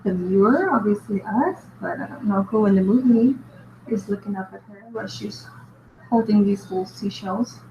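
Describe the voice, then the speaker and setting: A woman's voice: medium pitch, moderate pace. A woman hosting a live drawing show, chatting casually and thinking aloud with little giggles as she sketches. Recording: dull echoey recording with steady background noise.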